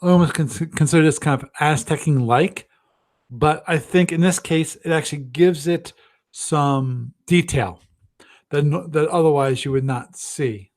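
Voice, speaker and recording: A man with a slightly higher voice hosts a live stream, rambling through his thoughts as he goes. He keeps restarting his sentences and pokes fun at himself in a loose, offhand way. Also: unhurried, a little mellow. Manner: rambling, self-deprecating, thinks aloud with many restarts. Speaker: host of a gaming livestream. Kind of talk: casual live-stream commentary.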